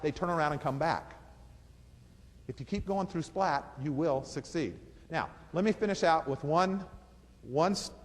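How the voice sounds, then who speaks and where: Male motivational speaker with a high voice, storytelling and emphatic, in a reverberant hall. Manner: animated, repeats phrases for emphasis.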